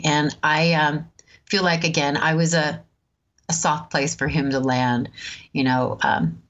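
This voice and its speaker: Woman in her 50s, deep voice, chatty storyteller w lots of ums, kinda dull lo-fi audio. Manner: warm, laughing often, many ums. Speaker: host. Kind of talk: storytelling talk.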